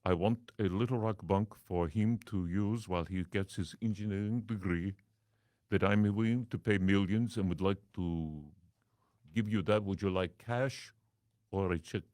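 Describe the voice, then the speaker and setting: A man putting on a stiffly formal prank caller with a comic accent. He speaks in a deadpan way with low pitch. Dry close sound. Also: measured pace, dry recording. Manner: stilted, formal, mock accent.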